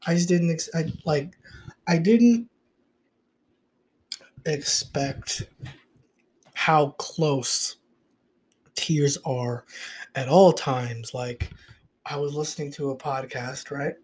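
A man's voice: a little high, slow pace, pauses often, darkish tone, husky. A man hosting a casual solo podcast, talking in a rambling, confessional way and swearing often, recorded on a phone. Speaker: podcast host. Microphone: iPhone recording.

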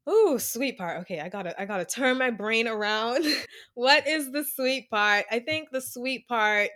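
A woman co-hosting a podcast, chatting casually about a dating show, expressive and quick to laugh and agree. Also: on the high side. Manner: expressive, laughs often, frequent mm-hmm agreement. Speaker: podcast co-host. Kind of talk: casual recap chat.

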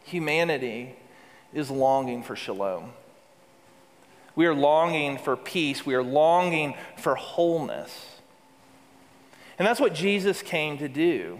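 A man's voice: fairly high pitch, expressive, slow pace, long pauses. A man preaching a sermon to a congregation, earnest and building to emphatic peaks with repeated phrases. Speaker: pastor. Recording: long hall reverb.

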